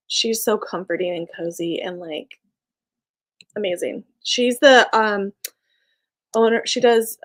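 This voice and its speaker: A young woman chatting casually on a live stream, reading viewer comments, bubbly and laughing often. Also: mid-range voice. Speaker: small business owner and live streamer.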